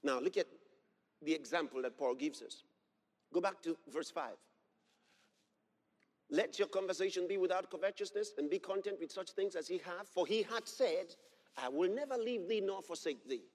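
A man preaching a sermon, emphatic and repetitive, reading scripture aloud and building to shouts. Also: high-pitched, moderate pace, pauses often, long reverb tail. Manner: emphatic, repeats key phrases and builds to shouts; reads scripture aloud in old-fashioned wording.

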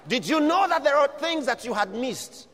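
Man preaching, high voice that swings up and down a lot, big echoey hall. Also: lively intonation, moderate pace. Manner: preaching, rising to shouted declarations. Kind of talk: sermon.

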